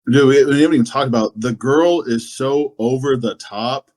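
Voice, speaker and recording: A man co-hosting a casual movie-review podcast, excitable and talking in slangy bursts. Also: medium pitch, normal speed. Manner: excitable, says "dude" a lot. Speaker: podcast co-host.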